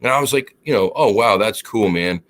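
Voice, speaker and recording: A man chatting casually on a podcast, telling an anecdote and acting out the dialogue with lively quoted voices. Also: on the low side, brisk. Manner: animated, acts out quoted dialogue; laughs while telling the story. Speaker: podcast co-host. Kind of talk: casual storytelling chat.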